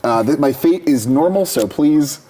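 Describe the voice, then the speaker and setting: A man co-hosting a live board game stream, chatting excitedly and often tripping over his words as he explains his moves. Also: on the high side, a little slow. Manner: excitable, stumbles and repeats words. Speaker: co-host. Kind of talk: casual chat while playing a board game.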